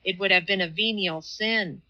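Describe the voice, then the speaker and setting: Woman reading a fervent devout guy in an audiobook, slow and deliberate, bright clear tone. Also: medium pitch, highs cut off, lightly acted. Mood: earnest. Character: earnest Highland man, devout, intense.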